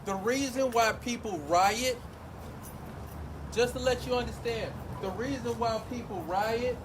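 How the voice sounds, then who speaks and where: A man's voice: very high voice, unhurried. A man speaking emotionally at an outdoor community forum, projecting his voice and addressing the crowd directly. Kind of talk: impassioned public speech. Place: outdoors at a street gathering. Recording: outdoor noise behind the voice.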